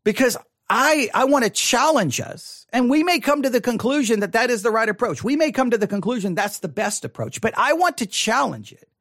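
A man's voice: extremely high pitch, lively intonation, fairly quick, a bit bright, dry recording, clean studio sound. A man leading a Bible study lesson, reading scripture aloud and talking it through in a conversational way, often restarting his sentences. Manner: conversational, reads scripture aloud, frequent restarts and repeated words; mildly critical of typical sermons.

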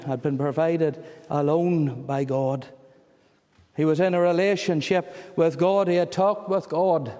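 A man's voice: fairly high pitch, warm tone. A man preaching an evangelistic sermon, pleading and fervent, repeating phrases for emphasis. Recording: long hall reverb.

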